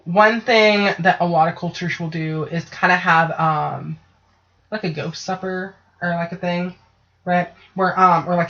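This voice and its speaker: Female podcast host, casual and foul-mouthed, animated storyteller; muffled lo-fi sound. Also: on the low side. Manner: profane, ranting, animated storytelling. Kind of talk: casual chat. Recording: dull lo-fi podcast audio.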